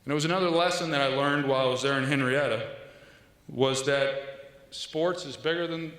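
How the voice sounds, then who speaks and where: A man, giving an earnest, measured acceptance speech at a podium with pauses and small restarts. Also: mid-range voice, fairly bright tone. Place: large banquet hall. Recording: echoey hall with long reverb.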